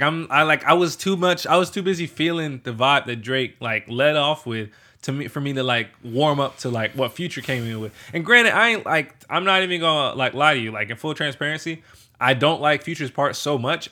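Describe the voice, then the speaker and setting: A young man co-hosts a laid-back podcast, his voice bright and clear. He rambles through his points with plenty of fillers. He laughs easily and gets animated when he argues. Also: fairly high pitch, brisk. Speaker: podcast co-host. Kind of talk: casual chat.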